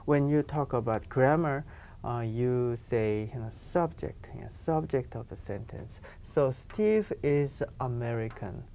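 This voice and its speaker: A woman's voice: a bass voice, measured pace, dark tone, a little hiss or hum. A woman teaching a grammar lesson, explaining patiently and often saying "you know". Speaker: Korean language teacher.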